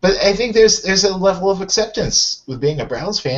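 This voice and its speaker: A man's voice: high-pitched, normal speed, fairly bright tone. A man co-hosting a sports podcast, talking with wry, resigned humor. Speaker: podcast co-host. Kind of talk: casual sports podcast chat. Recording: dull lo-fi podcast audio.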